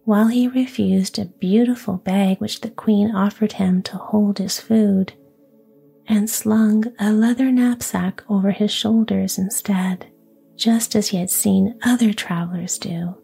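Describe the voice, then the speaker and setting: A woman's voice: mid-range voice, fairly even intonation, measured pace, creaky, warm tone, husky, soft background music. A woman reading a fairy tale aloud, whispering throughout. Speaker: storyteller.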